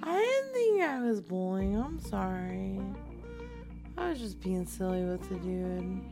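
A woman's voice: medium pitch, big pitch swings, unhurried, over music. A woman hosting a casual live chat, teasing and crude, dragging her words out.

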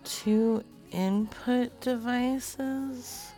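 A woman hosting a stream, chatting casually, swearing freely and drifting between quiet mutters and loud bursts. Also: a little high, steady tone, drawn-out words, faint music behind. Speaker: stream host making prank calls.

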